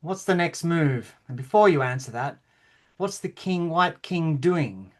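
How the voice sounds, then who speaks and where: A performer acting out a pompous king, bewildered and indignant, who stammers when unsure. The voice moves with lively swings in pitch. It is a rehearsal reading of a stage play. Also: measured pace, close to an everyday voice. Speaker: actor in rehearsal.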